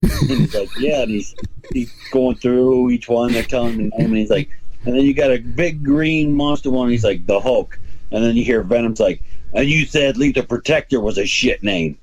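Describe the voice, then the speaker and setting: A man guesting on a casual movie chat, relaxed, retelling scenes by quoting characters. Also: mid-range voice, moderate pace, low-quality recording.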